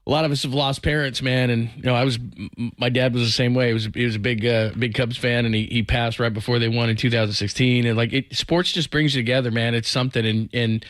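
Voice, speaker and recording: A man on sports talk radio speaks quickly and earnestly in a mid-range voice. His reflective tone comes across dry and close. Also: mid-range voice, fairly even intonation, fairly bright tone, dry recording. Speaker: radio co-host.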